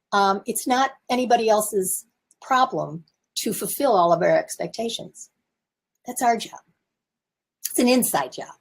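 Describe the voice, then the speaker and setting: A woman's voice: medium pitch, husky. A woman in her seventies, a therapist and teacher, giving candid, self-reflective coaching talk from her office. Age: 70s. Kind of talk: casual talk to camera.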